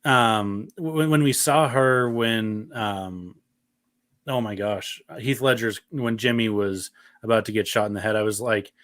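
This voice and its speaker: Animated male podcast co-host. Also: on the low side, a little slow, no room sound, clean studio sound. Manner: animated, acts out scenes in quoted voices. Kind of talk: casual movie review chat.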